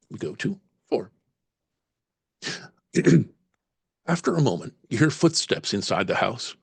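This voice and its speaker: Gravelly game-master narrator. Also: male voice, medium pitch, no echo. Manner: reads aloud, then muses on choices. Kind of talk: narrating a solo tabletop horror game.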